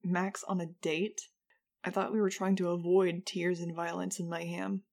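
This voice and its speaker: A woman's voice: lowish voice, level tone, normal speed, a little mellow. A woman voicing a blunt, sarcastic teenage boy in a storybook reading. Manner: sarcastic, exclaiming.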